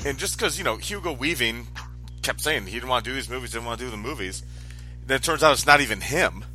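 Bright-voiced man in halting movie chat. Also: mid-range voice, lively intonation, breathy edge, soft background music, poor audio. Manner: halting, restarts sentences. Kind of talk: casual movie discussion.

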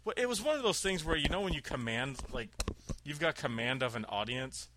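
A man's voice: on the high side, lively intonation, a little fast, noisy background. A man chatting casually on a podcast, telling a long story with laughs and acted-out quotes. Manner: rambling, laughing, acts out quotes.

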